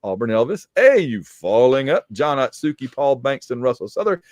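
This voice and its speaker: A man's voice: mid-range voice, big pitch swings, normal speed, darkish tone, no echo. A man co-hosting a casual podcast and reading supporter names, joking and teasing, his voice getting worn. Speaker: podcast co-host.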